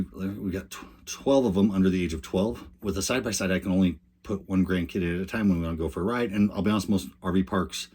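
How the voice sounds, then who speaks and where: An older man tells a rambling, chatty story straight to the camera. His voice sits low and a little husky, and he often stops and restarts his sentences. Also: darkish tone. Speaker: RV lifestyle vlogger.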